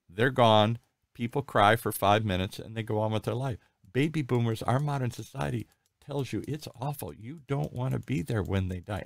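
A man's voice: medium pitch, vocal fry, no echo. Talkative older man, dry sound. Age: 60s. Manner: animated storyteller, rambling and candid. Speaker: podcast host. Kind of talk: conversational interview.

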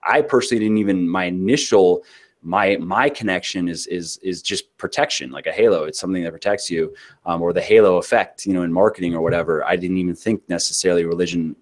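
A man's voice: deep voice, fast. A man giving an interview about his business, talking casually with many restarts and filler words. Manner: rambling, frequent restarts and filler words, acts out quotes; casual, swears now and then. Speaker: interview guest, author and fitness business owner.

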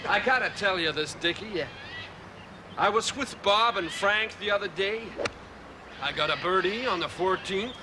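An actor playing an easygoing showman golfer, talking in slow, breezy showbiz patter, on a noisy old TV soundtrack. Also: high voice. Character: smooth crooner-style male golfer, easygoing showman.

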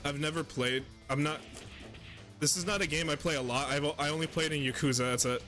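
A man's voice: a little high, fairly even intonation, a little fast, bright, forceful tone, soft background music. A young man streaming a video game, giving casual, profane commentary and laughing often. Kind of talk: casual let's-play commentary.

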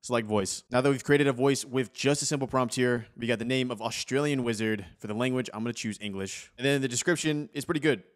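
A man's voice: medium pitch, fast, few pauses. A young man hosting a casual tech tutorial, upbeat and chatty, who says "y'all". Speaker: host.

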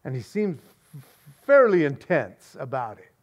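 A man preaching as a pastor, excited and casual, often repeating words and saying "man". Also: a little high, unhurried. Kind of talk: expository sermon.

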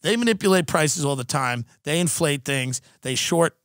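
A man's voice: fairly high pitch, animated, moderate pace, fairly bright tone, no echo, clean studio sound. A man hosting a podcast, delivering a sarcastic, profane comedic rant. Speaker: podcast host.

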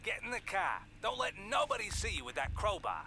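A man's voice: high-pitched, wildly swooping pitch, a little fast, a crowd in the background, heavily acted. A man voicing a streetwise male criminal partner in a video game, giving casual instructions in a laid-back, bossy way. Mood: instructing. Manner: laid-back, gives orders. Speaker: game character. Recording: game audio over background music.

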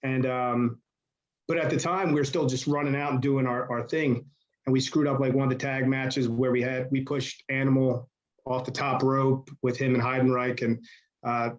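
Male interview guest, casual rambling storyteller, average pitch, dull recording. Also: level tone, normal speed. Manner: rambling, lots of fillers.

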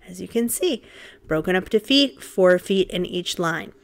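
A woman's voice: fairly low pitch, slow pace, fairly bright tone. A woman teaching a literature class in a recorded lecture, casual and conversational, thinking aloud with frequent ums as she counts out beats. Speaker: literature instructor. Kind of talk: recorded lecture over slides.

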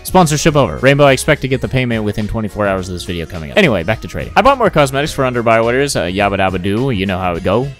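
A young man giving sarcastic, excitable voice-over commentary on his gaming, cursing freely. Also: lowish voice, rapid-fire, hardly any pauses, faint music behind. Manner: excitable, sarcastic, swears a lot. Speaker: gaming YouTuber.

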